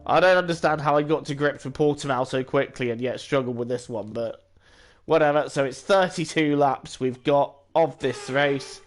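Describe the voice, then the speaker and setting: In casual gameplay commentary, a man running a gaming channel chides himself through a racing game, occasionally erupting in frustration. The voice is medium-pitched at normal speed, with faint game music underneath.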